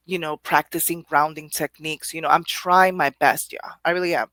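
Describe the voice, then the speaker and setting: Woman, motivational monologue, bright tense voice, dry close sound, chatty and rambling. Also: low-pitched, fairly even intonation, brisk, hardly any pauses, no echo. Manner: conversational, rambling, addresses the audience directly; frequent laughter. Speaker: poetry show host.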